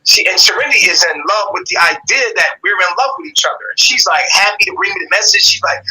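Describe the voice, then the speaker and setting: A man hosts a live call-in stream and tells a personal story at length. His voice sits high and cuts through, bright and edgy. He swears freely and slips into each person's voice as he quotes them. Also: quick pace, few pauses, rough recording. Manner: animated storytelling, acting out quoted people, swearing, slang. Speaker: show host.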